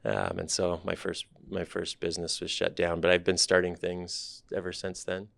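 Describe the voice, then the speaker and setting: A man in his thirties with a very low, gravelly voice and a flat, even delivery, recorded dry and close. He is a startup CEO telling his story in a podcast interview, relaxed and candid. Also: normal speed, dry recording.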